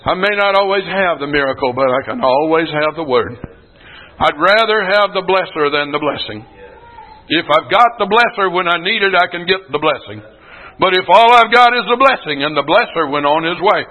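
An older man preaching a sermon, earnest, rising to emphatic lines and dropping to hushed ones. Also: high-pitched, expressive, moderate pace, narrow, tinny audio.

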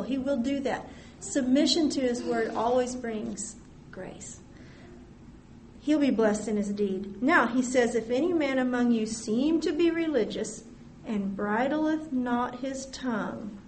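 A woman's voice: on the high side, a little mellow, a little hiss or hum. A woman preaching a sermon, reading scripture aloud and speaking prayers in an earnest, explanatory way. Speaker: Bible teacher. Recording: echoey room with faint ambience.

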